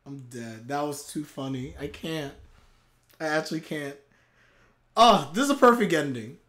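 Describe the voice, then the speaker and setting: A man streaming a live anime reaction, talking in an excitable, animated way. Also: on the high side, moderate pace.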